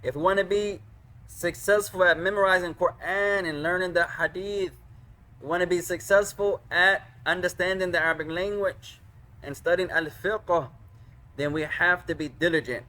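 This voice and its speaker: A man teaching an online class, patient and slow, pausing often and correcting students. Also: high-pitched, fairly even intonation, sharp tone. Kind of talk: online Arabic and hadith class. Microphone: computer microphone.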